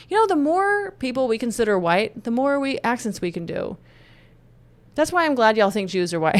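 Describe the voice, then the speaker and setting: Woman, vlogger, casual opinion talk, joking, rambling, fairly high voice, smooth and clear. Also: expressive, moderate pace, pauses often, dry recording. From Texas. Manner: chatty, joking, rambling with restarts. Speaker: YouTube commentator.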